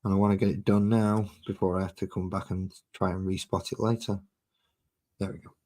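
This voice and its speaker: This man's low, warm voice stays level and brisk as he talks to his live-stream chat while painting miniatures. He has a Mancunian accent, being from Manchester, England, and rambles chattily as he works.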